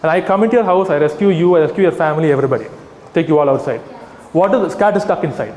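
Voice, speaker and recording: A man, an animal rights activist, giving an animated talk to a live audience and addressing them directly. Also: on the high side, rapid-fire, slight background noise. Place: hall with an audience. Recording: echoey hall, faint ambience.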